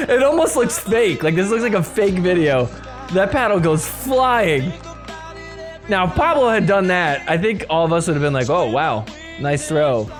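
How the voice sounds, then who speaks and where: Laughing, lively male podcast host. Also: high voice, soft background music. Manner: laughs often, acts out players' thoughts in quick asides. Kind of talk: casual recap commentary over clips.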